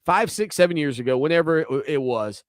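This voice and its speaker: A man hosting a sports talk show, giving rambling, animated opinions with frequent restarts and repeated words. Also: on the high side, brisk, dry recording, clean studio sound. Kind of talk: casual sports talk monologue.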